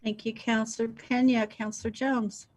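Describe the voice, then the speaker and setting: A woman's voice: fairly high pitch, flat delivery, darkish tone. Woman chairing a council meeting. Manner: brisk procedural calling on speakers.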